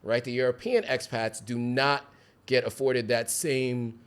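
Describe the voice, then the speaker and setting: A man from the United States, a guest on an interview, speaking in a measured, reflective way. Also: medium pitch, fairly even intonation, clean tone. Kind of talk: casual interview chat.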